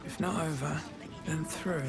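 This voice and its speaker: An actor playing a stealthy male adventurer in whispered role-play, gravelly and hushed. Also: fairly high pitch, steady tone, a little slow, music in the background. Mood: sly.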